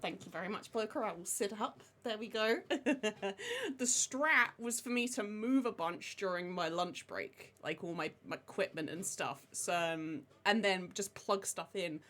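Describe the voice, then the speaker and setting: A woman's voice: mid-range voice, expressive, measured pace, a bit bright. A woman, chatting casually on a live stream and greeting viewers one by one by name.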